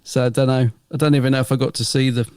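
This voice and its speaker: A man's voice: medium pitch, level tone, very fast, a little mellow, clear, resonant tone, no echo, studio quality. A man co-hosting a podcast, chatting in a rambling way and chuckling often. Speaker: podcast co-host. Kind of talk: casual review chat.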